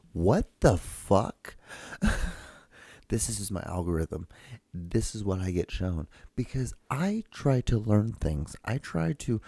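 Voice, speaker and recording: Deep gravelly guy riffing on clips, sarcastic and swears a lot. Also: dry recording. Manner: sarcastic, profane, deadpan rambling. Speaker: show host. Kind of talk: casual reaction vlog.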